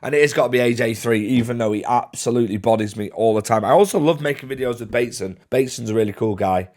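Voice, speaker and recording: A man's voice: medium pitch, fast talker, darkish tone. A young man, chatting casually as he answers fan questions in a laddish, slangy way. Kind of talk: casual Q&A to camera.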